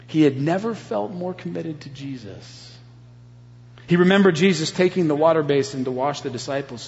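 A man's voice: a little high, darkish tone. A man retelling a Bible story as a devotional sermon, earnest and speaking straight to his listeners. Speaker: preacher. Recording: long reverb, dull sound.

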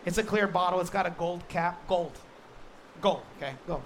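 This pastor has a high voice and preaches with humor and energy, restarting rapidly over and over to stress what he's saying. A little background noise can be heard.

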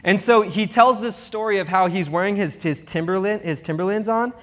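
A young man preaching a sermon as pastor, with animated, humorous storytelling. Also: high-pitched, a little fast. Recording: long reverb of a big hall.

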